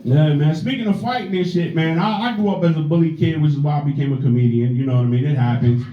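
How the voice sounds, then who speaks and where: Man, forties, stand-up comedian, loose profane storytelling, slightly high voice, echoey club, dull sound. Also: quick pace. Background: audience laughter.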